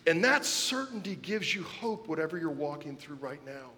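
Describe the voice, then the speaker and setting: A man in his thirties preaching a sermon, telling a personal story earnestly and swinging between loud and soft. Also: on the high side, big pitch swings, normal speed, very noisy. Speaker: pastor. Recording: long hall reverb.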